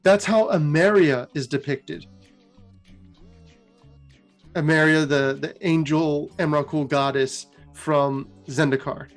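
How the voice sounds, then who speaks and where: An animated, chatty co-host casually retells fantasy game lore with a steady, mid-pitched voice. The delivery is conversational and unscripted, full of asides. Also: slow pace, long pauses, soft background music. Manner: animated, chatty, laughs at own jokes.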